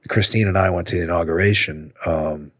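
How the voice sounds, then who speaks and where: Deep-voiced Boston man, rambling storyteller. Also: steady tone, brisk, fairly bright tone, no room sound, clean studio sound. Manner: rambling storyteller, swears freely. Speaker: podcast host. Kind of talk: casual interview chat.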